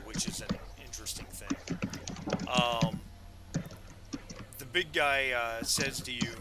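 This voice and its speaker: A man's voice: medium pitch, very noisy. Rambling male game master. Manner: rambling, many ums and restarts. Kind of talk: narrating a tabletop game.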